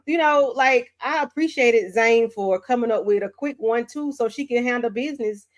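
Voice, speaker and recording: A woman's voice: fairly high pitch, moderate pace, few pauses. A woman on a casual show-discussion panel, emphatic and chatty. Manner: emphatic, chatty, reacts with mm-hmms. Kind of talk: casual chat about a TV show.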